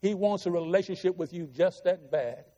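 Man, middle-aged, preacher, sermon, earnest pleading, high-pitched, church, long hall reverb. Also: normal speed, mellow, dull audio. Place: church sanctuary.

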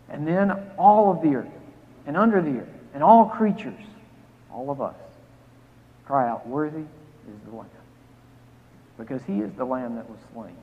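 A man pastor reading scripture, preaching and leading a prayer, emphatic on key phrases and dropping soft to pray. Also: a little high. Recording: phone-like sound with long hall reverb.

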